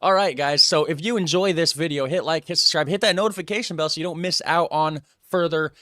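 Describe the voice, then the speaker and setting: A man's voice: a little high, a little fast, pushed and bright, no echo, clean studio sound. An American man hosting a reaction video, chatting casually and self-deprecatingly to his viewers. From United States.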